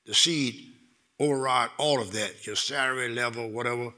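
A middle-aged man preaching a sermon, excitable, repeating words and building to loud bursts with laughter. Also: mid-range voice, moderate pace.

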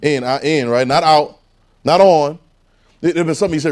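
A man's voice: fairly high pitch, fairly quick, long pauses, darkish tone. Southern man preaching a call-and-response sermon. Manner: conversational call-and-response preaching, coaxing the audience.

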